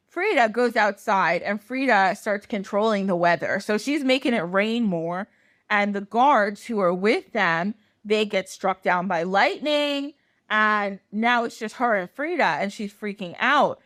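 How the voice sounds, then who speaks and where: A woman's voice: mid-range voice, animated, measured pace, fairly bright tone, no room sound, clean studio sound. A woman podcast host telling a fairy tale in a chatty, casual way full of fillers and swearing. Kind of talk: casual storytelling.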